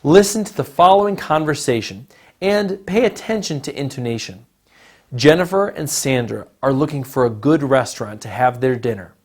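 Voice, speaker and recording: A man teaching an English lesson in a recorded narration, modeling intonation patterns in a slow, deliberate way. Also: medium pitch, expressive, a little mellow.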